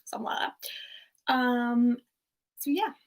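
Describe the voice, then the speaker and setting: A young woman hosts a casual livestreamed pub quiz, chatting and laughing softly while reading out quotes and answers. Her voice is on the high side, and she takes it slowly.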